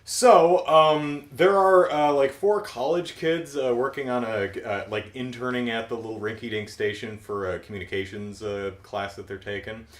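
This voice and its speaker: A man's voice: medium pitch, steady tone, normal speed, hardly any pauses. A middle-aged man recapping a cartoon episode in a casual, jokey, rambling way. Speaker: show recap host. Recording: roomy echo.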